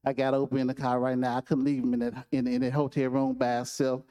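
A man's voice: medium pitch, monotone, fast talker, warm tone, pitched below the performer's own voice, lightly acted. A man voicing an earnest, simple-hearted young male Marine who speaks plainly and hesitantly.

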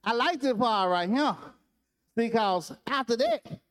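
A male preacher speaks in an unusually high voice, preaching in a loose, conversational storytelling style. He repeats phrases and addresses the congregation directly as he builds his points. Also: animated, unhurried, a bit bright. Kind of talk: sermon.

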